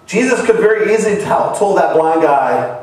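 A man's voice: sits high, expressive, moderate pace, distant mic. Earnest missionary man preaching in an echoey hall. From Ohio. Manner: earnest storytelling, rising to cries. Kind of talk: sermon. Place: church hall.

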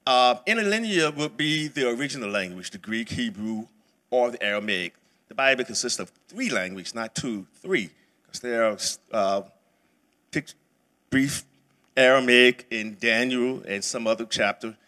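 A man's voice: mid-range voice, animated, moderate pace, sharp tone. A man teaching a church Bible study lesson in a casual, conversational way, with many fillers and restarts. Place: church sanctuary.

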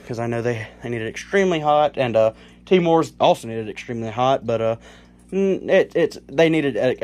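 Rambling young man filming a home build. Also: mid-range voice. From South Carolina. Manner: rambling, self-correcting, lots of fillers. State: slightly out of breath. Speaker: reptile keeper vlogger. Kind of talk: casual home-build tutorial. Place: cluttered bedroom at home.

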